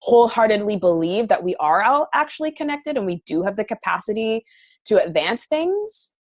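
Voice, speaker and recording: A woman's voice: medium pitch, big pitch swings, moderate pace, no room sound. A woman from Canada, a podcast guest, speaking bluntly and emphatically in a candid interview, swearing freely.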